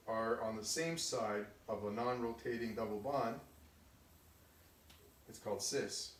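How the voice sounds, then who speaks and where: Male chemistry teacher, mid-pitched, patient step-by-step delivery, recorded from a distance in a reverberant room. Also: slight background noise. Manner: explains step by step, often adding "okay?" and restarting phrases. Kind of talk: casual recorded lesson.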